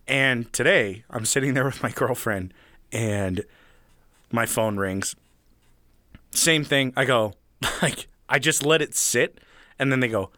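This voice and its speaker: A man's voice: mid-range voice, no echo, clean studio sound. A young man hosting a podcast, telling stories casually with sarcasm and swearing. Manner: sarcastic, swearing, animated storyteller. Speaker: podcast host. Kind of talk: casual chat, storytelling.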